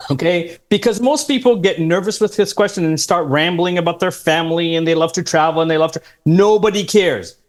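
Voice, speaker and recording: A man with a fairly high voice, a career coach guest who gives step-by-step interview advice and stresses key words as he talks. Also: brisk, few pauses. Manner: emphatic, instructive, quotes interview lines. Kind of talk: advice-giving podcast talk.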